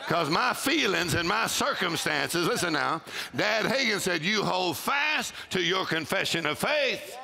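A man, preaching a sermon with shouted exclamations and call-and-response to his congregation. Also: high-pitched, very animated, unhurried, creaky. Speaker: pastor. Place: church auditorium with congregation.

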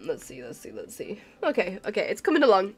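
Yawning and worn out, a woman streams herself drawing while chatting casually, rambling, apologizing, and laughing frequently. Her medium-pitched voice is very animated, fast, and darkish in tone, with soft music playing in the background.

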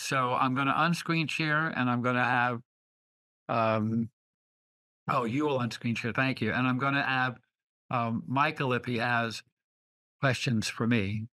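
A man giving an online literature lecture over a video call, talking deliberately and reading verse aloud with careful emphasis. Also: mid-range voice, sharp tone. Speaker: lecturer on poetry.

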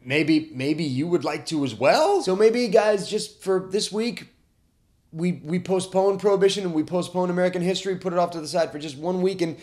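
A young male host talks through history in a relaxed, conversational way, with a slightly high voice. He is animated and informal, tossing in fillers and restarts as he explains. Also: moderate pace. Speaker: podcast host.

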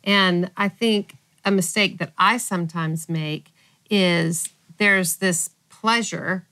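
A woman's voice: fairly low pitch, takes it slowly, bright, forceful tone. A woman hosting a faith podcast, speaking in a reflective, thoughtful way. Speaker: podcast host. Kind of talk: casual podcast discussion.

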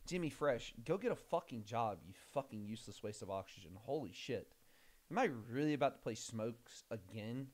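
Young guy streamer, swears a lot, rambly and jumpy, mid-pitched voice. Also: moderate pace. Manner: profane, rambling and excitable. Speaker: game streamer. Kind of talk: casual livestream chat.

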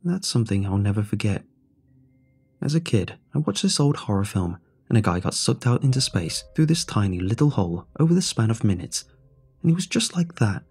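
Husky, dark-voiced male narrator. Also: lowish voice, sing-song, brisk. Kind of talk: scripted horror story narration.

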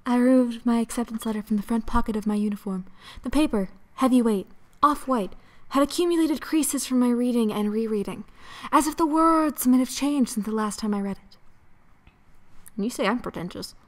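Breathy dramatic narrating woman. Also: on the high side, fairly quick, few pauses, darkish tone. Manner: breathy, seductive reading voice. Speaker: game co-host.

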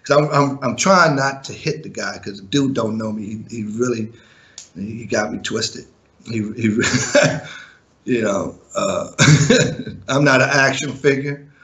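A man's voice: mid-range voice, unhurried, a bit bright, muffled recording. A man and former music manager telling a story in an interview, blunt and profane, chuckling now and then.

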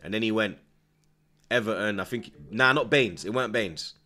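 Young man, watchalong streamer, bright pushy tone, heavy slang, constant shout-outs. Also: on the low side, normal speed. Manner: slangy, repeats "blood" and "you get me"; shouts out viewers from the chat. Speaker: livestream host. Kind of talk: football watchalong chat.

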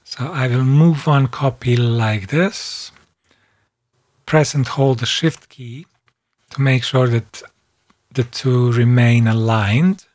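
Male tutorial narrator, slow deliberate delivery, calm step-by-step voice-over. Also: medium pitch. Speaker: software instructor. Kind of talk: screen-recorded tutorial narration.

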